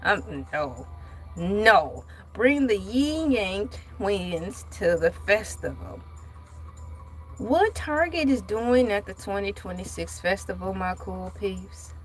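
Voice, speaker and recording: A woman's voice: medium pitch, expressive, slow pace, faint music behind, rough recording. A woman hosting a casual vlog, reading news aloud and breaking off for playful, joking asides. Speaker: vlog host.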